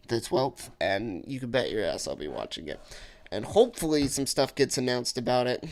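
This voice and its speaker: A man hosting a casual gaming video, rambling excitedly through his ideas with lots of filler words. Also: medium pitch, vocal fry. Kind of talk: casual gaming predictions vlog.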